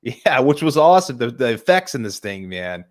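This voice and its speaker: A man co-hosting a casual movie review, excitable, swearing casually and restarting his sentences often. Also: medium pitch, normal speed. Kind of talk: casual chat.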